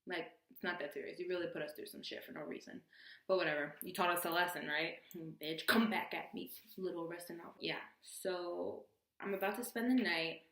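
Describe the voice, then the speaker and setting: A young woman vlogger tells a wild story in a casual, slang-heavy way, pitching her lines low and tossing in jokey asides. Her tone is steady and a bit bright, her pace a little fast, and the room rings with a roomy echo.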